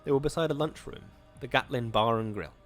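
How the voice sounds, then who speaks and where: A man hosting a show, reading a horror story aloud in a steady, measured way. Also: mid-range voice, soft background music.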